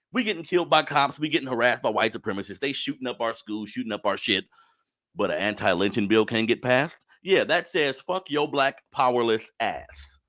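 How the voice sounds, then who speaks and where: A man's voice: medium pitch, fairly bright tone. Fired-up man with a swinging voice. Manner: blunt and profane, preaching to listeners as family. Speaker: podcast host. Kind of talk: impassioned monologue.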